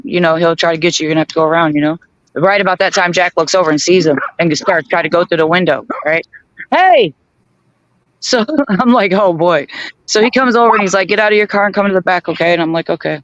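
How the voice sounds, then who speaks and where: A man telling a story in a casual group chat, animated, acting out both sides of the conversation and laughing often. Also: sits high, no echo, dull audio. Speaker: guest on a group chat show.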